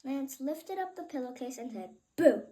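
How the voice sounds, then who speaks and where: A woman reading a children's picture book aloud in an expressive, unhurried way. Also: high voice, rough recording. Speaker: reader. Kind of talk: children's storybook read-aloud.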